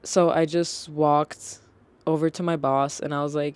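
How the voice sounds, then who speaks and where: A woman's voice: sits low, level tone, a little slow, a little mellow, clean tone. A young woman hosting a podcast, telling stories in a chatty, casual way full of "like" and the odd swear word. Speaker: podcast host. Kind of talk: casual storytelling.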